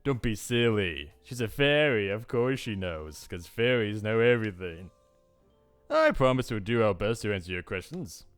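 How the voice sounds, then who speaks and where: A man voicing a friendly female fairy who speaks gently and reassuringly, as he reads a visual novel aloud. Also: on the low side, big pitch swings, normal speed, faint music behind.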